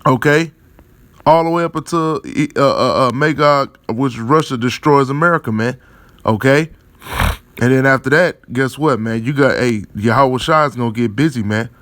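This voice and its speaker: A man's voice: mid-range voice, normal speed, fairly bright tone, no echo. A man giving rambling, profane religious commentary on news articles, often chuckling and repeating fillers and tag questions. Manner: chuckles often while talking.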